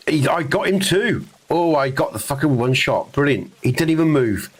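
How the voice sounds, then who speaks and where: A man's voice: mid-range voice, big pitch swings, moderate pace, slightly rough. A laid-back man from Scotland hosting a hunting game stream, swearing often and laughing easily. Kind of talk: casual gaming chat.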